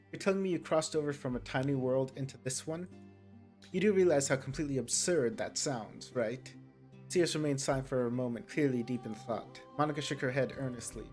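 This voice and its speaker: A man playing a visual novel, reading its narration and dialogue aloud with quick asides of his own. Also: medium pitch, a little mellow. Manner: reads dialogue lines and narration plainly, with asides. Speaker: game streamer.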